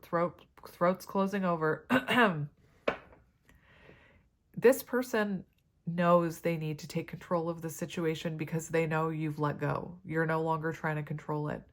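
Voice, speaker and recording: A woman giving a tarot reading to camera, chatty and rambling, with many fillers and side stories. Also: deep voice. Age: adult parent. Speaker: tarot reader.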